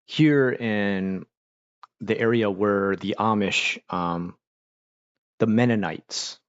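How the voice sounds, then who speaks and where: A man from Pennsylvania hosts a casual livestream, talking while he eats. He rambles and drifts off topic, with a lowish voice. His audio is dry and slightly muffled. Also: takes it slowly, dry recording. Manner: rambling, chatty, talks while eating. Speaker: livestream host.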